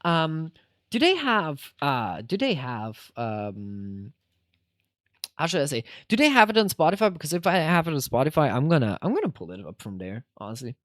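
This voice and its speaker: Rambling young male streamer with lively pitch. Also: normal speed, dry recording, studio quality. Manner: rambling, self-correcting, leans on "honestly" and "like", often laughs. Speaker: VTuber streamer. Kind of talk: casual live-stream chat.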